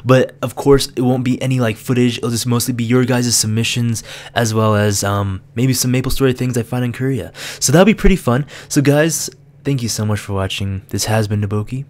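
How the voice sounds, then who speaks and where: A young man vlogging casually, telling an animated story with laughs and acted-out quotes. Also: medium pitch, brisk. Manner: animated, laughs often, acts out quoted lines. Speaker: gaming vlogger.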